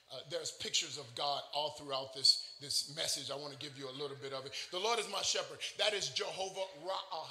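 Gravelly preaching man, high and bright. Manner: rising to fervent shouting, quick joking asides. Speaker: pastor. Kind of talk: sermon. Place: church sanctuary. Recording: echoey church room.

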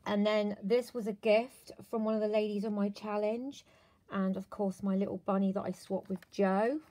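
A British woman chatting casually as she shows off craft gifts, croaky from the end of a cold and gushing over each item. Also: medium pitch, little pitch movement, moderate pace, dry recording, low-quality recording. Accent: British English. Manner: gushing and warm, frequent ums, gasps with delight. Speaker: craft vlogger. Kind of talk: casual show-and-tell chat.

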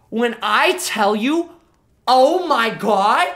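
Gal streaming, telling chat a wild story, kinda high voice, super animated, swears a ton. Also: female voice, normal speed. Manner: animated, swearing, heavy filler "like", addresses chat directly. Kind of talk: casual storytelling to a live chat.

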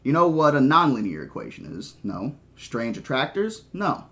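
A man's voice: mid-range voice, big pitch swings, moderate pace, a bit bright, muffled recording. A man reading the lines of a wry, opinionated male mathematician in a dry, lecturing manner.

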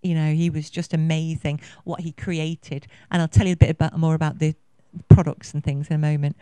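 Speaking fairly quickly in a deep, dark, smooth voice with a level tone, a woman in her fifties addresses a conference crowd. Her delivery is enthusiastic and rambling, packed with fillers, and no room sound comes through.

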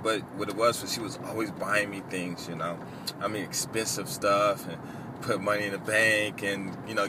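Deep-voiced man rambling over traffic noise. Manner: rambling, halting, lots of fillers. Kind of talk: casual storytelling.

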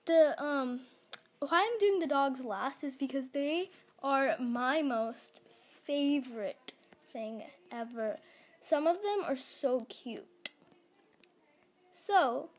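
A young woman giving casual, giggly gameplay commentary, gushing and stumbling over words. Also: sits high. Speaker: gaming vlogger.

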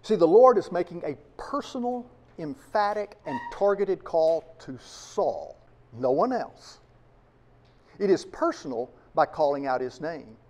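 A man's voice: on the high side, expressive, unhurried, darkish tone. A man preaching a sermon to his congregation, emphatic and full of rhetorical questions. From United States. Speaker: pastor.

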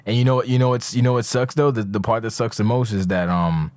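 A man's voice: medium pitch, steady tone, quick pace, darkish tone, no echo. A man hosting a casual podcast chat, blunt and teasing, swearing freely. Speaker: podcast host.

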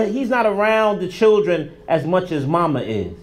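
Male religious teacher, high-pitched, very animated delivery, casual street-level phrasing, emphatic. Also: normal speed. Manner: animated, colloquial, emphatic preaching. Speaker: Islamic teacher. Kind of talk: religious lesson.

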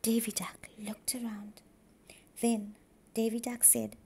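Slow, high-voiced woman reading a children's story. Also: level tone, warm tone. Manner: slow, clear, careful reading. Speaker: preschool teacher. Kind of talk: storybook read-aloud for young children.

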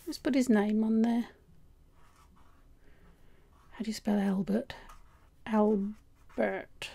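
Woman, casual art vlog talk, slightly hoarse, warm tone, rambling. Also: fairly high pitch, slow. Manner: chatty, rambling, trails off with small restarts. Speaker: art vlogger. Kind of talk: casual unboxing commentary.

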